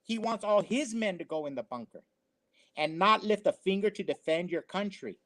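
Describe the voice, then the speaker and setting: A man's voice: high voice, expressive, moderate pace, a bit bright. A man giving opinionated commentary, emphatic and preachy, repeating his phrases for effect. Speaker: co-host.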